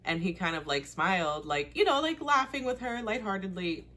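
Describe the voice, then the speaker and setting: A woman hosting a casual TV recap, chatty and animated, blunt and slangy, laughing often. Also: moderate pace. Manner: chatty and animated, with big pitch swings and frequent laughs. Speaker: host.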